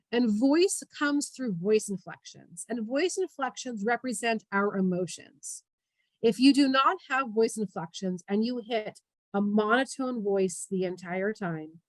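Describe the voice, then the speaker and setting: A woman giving an online workshop on public speaking. She talks in an energetic, emphatic coaching tone over a video call. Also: mid-range voice, no room sound, poor audio.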